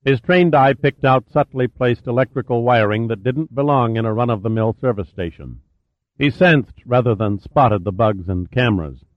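A man narrating a thriller audiobook in a steady, measured reading voice. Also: mid-range voice, no echo, highs cut off.

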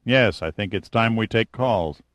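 A man's voice: on the low side, measured pace, fairly bright tone, dry recording. Guy playing a cool cocky captain, teasing, a bit raised, dry sound. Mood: cavalier. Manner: breezy, teasing, confident. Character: cocky, unflappable male boat captain. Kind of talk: audiobook character voice.

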